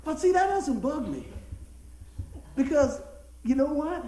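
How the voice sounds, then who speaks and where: A man preaching with a strikingly high voice, spinning folksy stories and slipping into the voices of the people in them. He sounds like he's in an echoey room with a faint hiss of noise behind him. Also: fairly quick, long pauses. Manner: folksy, animated storytelling with acted-out quotes and laughter. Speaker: pastor. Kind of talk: storytelling sermon.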